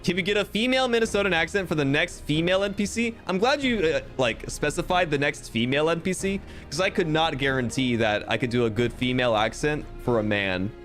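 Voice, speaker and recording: A man streaming a game, chatting casually with animated, jokey, sometimes crude asides over faint game music. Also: fairly high pitch, a little fast, hardly any pauses. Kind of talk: casual let's-play commentary.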